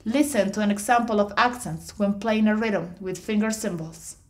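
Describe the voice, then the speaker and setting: A woman narrating an instructional audiobook, reading definitions in a measured, explanatory way. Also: medium pitch, soft background music. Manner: measured, explanatory reading with slightly awkward phrasing.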